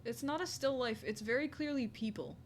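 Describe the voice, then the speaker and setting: A woman's voice: on the high side, brisk, a little hiss or hum. Giggly woman streamer at her desk. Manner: playful, giggly, reads on-screen text aloud. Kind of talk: casual gaming commentary. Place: home desk with a squeaky chair.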